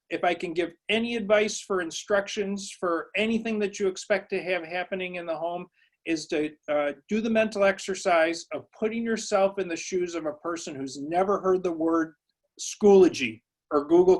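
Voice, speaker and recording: A man's voice: high-pitched, normal speed. A psychology professor giving a webinar lecture to educators, speaking conversationally with lots of uh and um fillers and telling stories from his own early work.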